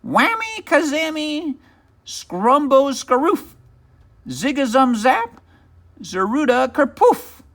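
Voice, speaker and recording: A spiteful little witch of a storybook squeals and chants her nonsense spells high above an ordinary speaking voice, as a man puts her on. Her pitch jumps wildly from word to word, and she mutters her curses in a sly, scheming way. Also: very animated, takes it slowly, a bit bright, heavily acted. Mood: spellcasting. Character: angry little female witch. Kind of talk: storybook read-aloud.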